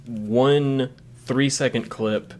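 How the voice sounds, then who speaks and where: A man's voice: medium pitch, fairly even intonation, drawn-out words. A man co-hosts a podcast, chatting casually and tossing in dry jokes. A faint hiss sits under his voice. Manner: dry, joking asides. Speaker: podcast co-host.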